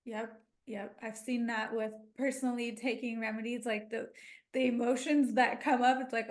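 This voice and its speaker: Soft-spoken host with a higher voice, a woman. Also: level tone, moderate pace. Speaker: podcast host. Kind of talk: casual podcast interview.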